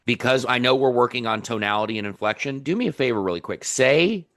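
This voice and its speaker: A man's voice: mid-range voice, normal speed. A man coaching sales calls, giving detailed feedback with many restarts and acted-out example lines. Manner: animated, stammering restarts, acts out lines. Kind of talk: coaching feedback on a video call.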